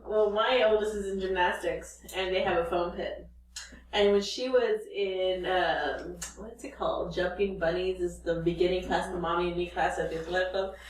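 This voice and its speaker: A woman's voice: fairly low pitch, steady tone, normal speed, slight background noise. A woman co-hosting a casual chat about motherhood, telling embarrassing stories with self-deprecating laughs. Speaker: podcast co-host, mother. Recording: echoey room, mic at a distance.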